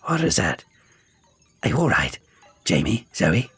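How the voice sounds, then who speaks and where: A man doing a soft-spoken, dazed doctor. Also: low-pitched, sing-song, a little slow, breathy edge, no echo, faint music behind, exaggerated voice. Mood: mild. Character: calm, dazed older male doctor, gentle.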